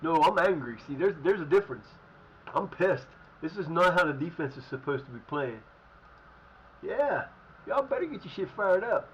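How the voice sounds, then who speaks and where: A man's voice: fairly high pitch, big pitch swings, normal speed, lo-fi sound, a little hiss or hum. A man streaming a football management game and cursing out his own team in angry rants. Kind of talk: live-stream gameplay commentary.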